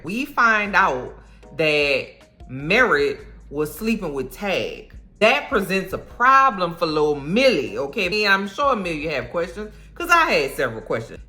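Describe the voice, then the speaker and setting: A woman recapping a TV episode in a sassy, animated way, full of slang and mock outrage. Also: on the low side, measured pace, faint music behind. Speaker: TV recap vlogger.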